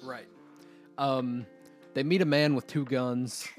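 A man's voice: medium pitch, steady tone, slow pace, pauses often, over loud music. A man co-hosting a casual podcast, running through a video game's plot points. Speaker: podcast co-host. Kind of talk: casual chat recapping a video game.

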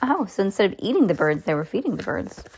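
A woman reading a children's story aloud, lively, with small slips and side comments. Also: medium pitch, quick pace, slightly rough.

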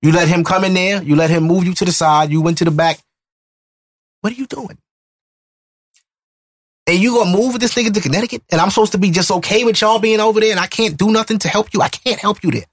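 A man's voice: high-pitched, very fast, hardly any pauses. Heated man in his thirties telling a story. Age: 30s. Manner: emotional, animated retelling with acted-out quotes. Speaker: podcast host. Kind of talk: casual storytelling chat.

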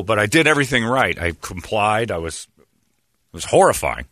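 Bright, animated male radio host. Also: lowish voice, moderate pace, dry recording, studio quality. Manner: animated storyteller, acts out quotes loudly. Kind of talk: casual talk radio storytelling.

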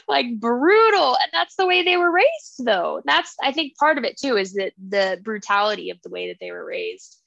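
A woman co-hosting a casual book club podcast, retelling a story in an animated way with lots of fillers. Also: a little high, normal speed, creaky, few pauses, no room sound, muffled recording. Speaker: podcast co-host.

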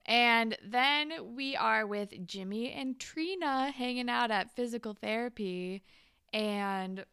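Brief: young woman podcast co-host, bright and smooth but gravelly, dry close sound, chatty recap with mini voices. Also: a little high, no echo. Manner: retells scenes with quick quoted voices, lots of "like". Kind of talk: casual recap chat.

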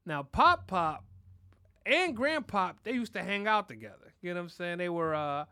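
A man hosting a podcast, telling a crude, animated comic story about his family and peppering it with "you know what I'm saying.". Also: high voice, moderate pace, clean tone, no echo, studio quality. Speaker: podcast host.

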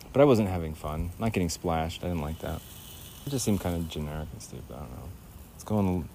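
A man's voice: low-pitched, fast, gravelly, warm tone, a little hiss or hum. A man rambling through a nostalgic comic story in a podcast, correcting himself as he goes and breaking into laughter. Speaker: comedian host.

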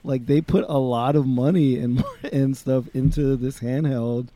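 Dark-voiced rambling podcast guy. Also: mid-range voice, steady tone, measured pace. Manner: rambling, many restarts and fillers. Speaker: podcast co-host. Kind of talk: casual podcast chat.

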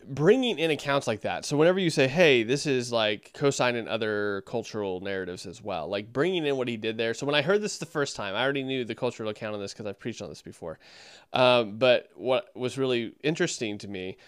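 A man's voice: mid-range voice, expressive, brisk, smooth, dry recording, clean studio sound. A man casually commenting on and reviewing a sermon, talking conversationally with frequent restarts.

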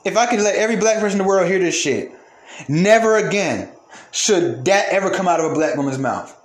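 A man's voice: high voice, animated, brisk, roomy sound. A man hosting a podcast, delivering an angry, profane rant and repeating phrases for emphasis. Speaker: podcast host. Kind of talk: heated ranting monologue.

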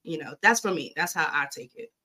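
A woman's voice: low voice, animated, fairly quick, bright, forceful tone, slightly rough. A woman on a podcast in casual chat, earnestly giving relationship advice. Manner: earnest, advising, calls others boo. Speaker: podcast co-host.

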